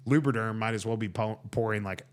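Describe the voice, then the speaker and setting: A man with a lowish voice co-hosts a casual comedy podcast. He rambles through long, animated stories, padding them with "like" and "uh" as he riffs. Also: fast talker. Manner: rambling, animated storytelling with many fillers. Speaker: podcast co-host.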